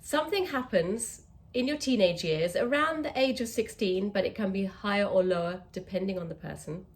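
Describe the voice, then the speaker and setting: A woman's voice: medium pitch, moderate pace. A woman with an English accent, a communication coach teaching to camera, stretching out key words for emphasis.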